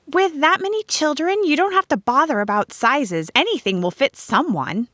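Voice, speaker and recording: Woman voicing Mabel, high eager young schoolteacher. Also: expressive, moderate pace, fairly bright tone, dry recording, studio quality. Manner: eager, exclamatory questions.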